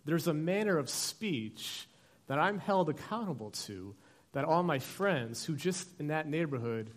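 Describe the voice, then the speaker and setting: A man preaching a sermon, opening with a personal story. His voice sits a little high and swings widely in pitch as he acts out the dialogue. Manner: animated storytelling with acted dialogue. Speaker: pastor.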